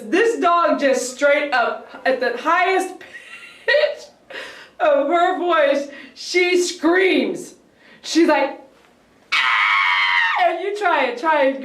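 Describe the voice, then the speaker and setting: A woman who works as a dog groomer, chatting casually on a livestream, telling stories in an animated way and imitating barking dogs. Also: high-pitched, recorded from a distance. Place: grooming salon. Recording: echoey room, voice off-mic.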